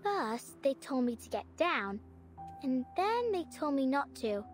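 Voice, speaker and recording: A woman voicing a curious, lonely young girl in a game, talking in a soft, earnest way. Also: sits high, sing-song, unhurried. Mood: pensive. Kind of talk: game voice acting.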